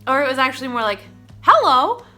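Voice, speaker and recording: A young woman from Oklahoma vlogs a casual storytime, rambling excitedly straight into her camera at a normal speed. Her slightly high voice has a bright, forward tone, and she keeps giggling while faint music plays underneath.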